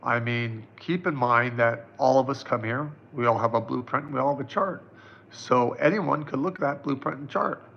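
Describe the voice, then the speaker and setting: Heard through dull audio, the fifty-something psychic has a gravelly mid-range voice and speaks at a normal speed. He fields viewer questions during a live stream, easygoing and reassuring, his talk thick with fillers.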